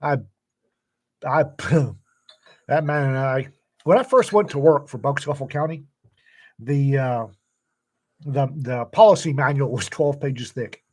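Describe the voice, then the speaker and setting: A man's voice: medium pitch, takes it slowly, long pauses, darkish tone. An older man in casual conversation, telling folksy stories and acting out the voices of the people in them. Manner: folksy storyteller who acts out quoted voices. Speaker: podcast co-host telling stories. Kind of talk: casual storytelling chat.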